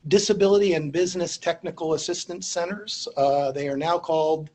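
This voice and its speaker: Man, high voice, lecture storytelling, self-deprecating, hesitant restarts. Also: a little fast, darkish tone. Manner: anecdotal, self-deprecating, frequent fillers and restarts. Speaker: university instructor.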